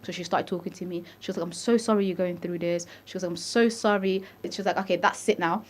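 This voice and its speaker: A woman's voice: lowish voice, fast talker. A young woman co-hosting a podcast, telling a story in a slangy, chatty way and acting out the other people's voices as she goes. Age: young adult. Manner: animated storyteller, acts out quoted voices; calls listeners babe, slangy. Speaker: podcast co-host. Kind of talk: casual storytelling chat.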